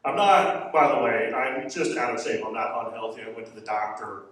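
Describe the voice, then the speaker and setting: A man's voice: fairly low pitch, a little fast, fairly bright tone. A man from Florida doing a stand-up comedy set on stage, talking in a wry, conversational, self-deprecating way. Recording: echoey club from a distance. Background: audience laughter.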